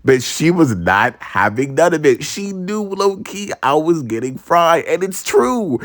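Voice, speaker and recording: A young man in his twenties tells a story from his own life in loose, slangy talk. His voice sits a little high for a man, and he keeps the delivery animated and casual. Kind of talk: storytime vlog.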